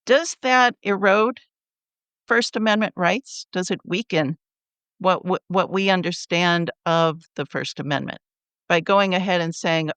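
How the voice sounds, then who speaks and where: Woman hosting an interview, smooth voice. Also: lowish voice, unhurried, a bit bright, dry recording. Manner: asks questions with restarts and short backchannels. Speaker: interview host. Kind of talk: interview questions.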